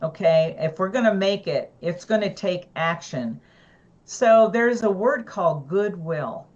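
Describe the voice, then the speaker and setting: A woman co-hosting a casual talk show, earnest and reflective, unhurried. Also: fairly low pitch, animated, darkish tone, lo-fi sound. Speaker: co-host. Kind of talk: casual chat.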